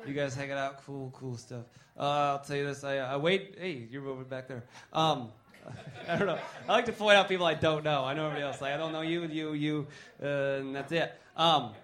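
A man's voice: a little high, brisk, a bit bright. A man doing stand-up comedy, rambling, joking and talking with the crowd.

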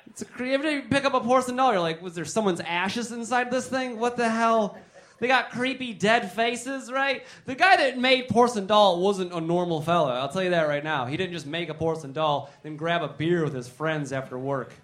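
High-voiced rambling stand-up comedian. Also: male voice, brisk, few pauses, a bit bright. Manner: rambling, joking, talks to the crowd. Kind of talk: stand-up comedy with crowd work.

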